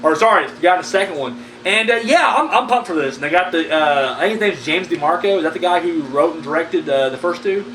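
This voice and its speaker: High-voiced profane man ranting. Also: fast, hardly any pauses, a bit bright. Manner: profane, blunt, rambling. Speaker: horror news vlogger. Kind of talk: casual ranting commentary. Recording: echoey room, mic at a distance, faint background noise.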